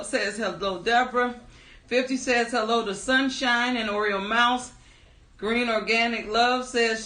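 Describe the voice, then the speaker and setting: A woman's voice: a little high, sharp tone, reverberant. A woman hosting a live stream, greeting viewers by name in an upbeat, chatty way before starting her story. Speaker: livestream storyteller host. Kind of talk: casual live-stream chat.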